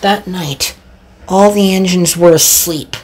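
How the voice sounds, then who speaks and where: A woman narrating a storybook tale in a slow, animated reading. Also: fairly low pitch, slight background noise.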